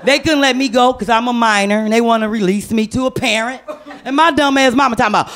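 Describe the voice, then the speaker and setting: A woman doing stand-up, telling a profane family story with animated, laughing delivery. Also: fairly high pitch, fast, over a noisy crowd, very noisy. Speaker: stand-up comedian.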